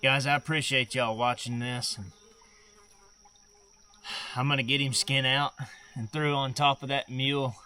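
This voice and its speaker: A man talking slowly and emotionally to the camera outdoors in the woods while bowhunting. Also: mid-range voice, little pitch movement, sharp tone, a little hiss or hum. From Arkansas. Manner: slow, emotional, drawling and thankful. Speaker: bowhunter filming his hunt. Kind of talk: outdoor hunting vlog talk to camera.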